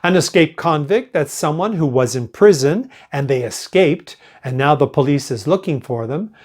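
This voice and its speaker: An older man teaching an English lesson, reading example sentences slowly and clearly for students to repeat. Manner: slow and clearly enunciated, with lively pitch. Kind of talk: slow pronunciation lesson.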